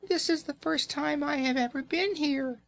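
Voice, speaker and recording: A man putting on a tiny squeaky mamma mouse. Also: normal speed, gravelly, a bit bright, exaggerated voice. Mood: pleading. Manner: high squeaky pleading.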